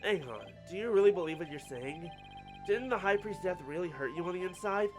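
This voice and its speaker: Earnest young lawyer, persistent, voiced by a man with a high, animated delivery. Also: fairly quick, over music. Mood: pressing. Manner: earnest, pressing questions.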